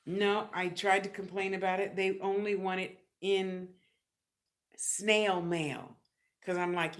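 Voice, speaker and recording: A woman vlogging in a casual, chatty way, telling a long personal story with lots of asides and lively retellings. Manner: chatty, animated, acts out others' lines in a high squeal.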